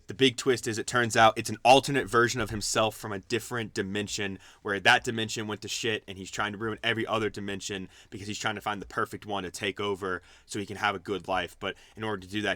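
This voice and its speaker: A man co-hosting a casual podcast, rambling and animated, swearing casually as he thinks aloud. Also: on the low side, quick pace, hardly any pauses, dry recording. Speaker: podcast co-host. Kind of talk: casual chat.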